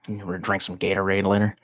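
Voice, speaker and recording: A man's voice: low voice, fairly bright tone, no echo. A man casually chatting on a home livestream, rambling and swearing, with many restarts. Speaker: streamer.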